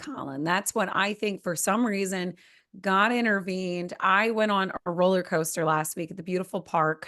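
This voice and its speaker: A hoarse woman with a slightly raspy edge talks loosely as a podcast co-host, pitched a little low for a woman. She rambles, restarts and fills pauses as she chats. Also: a bit bright. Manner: rambling, with many fillers and self-corrections. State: hoarse from a lost voice. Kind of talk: casual chat.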